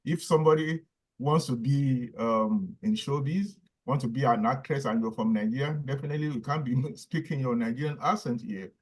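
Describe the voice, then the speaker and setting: A man's voice: medium pitch, moderate pace, darkish tone, low-quality recording. A man moderating a panel discussion, hesitant with many ums as he thanks speakers and reads out audience questions.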